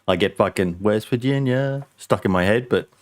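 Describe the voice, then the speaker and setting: A man's voice: on the low side, moderate pace. A man hosting a podcast, bantering casually and telling joking stories with plenty of swearing. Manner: joking storyteller. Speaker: podcast host.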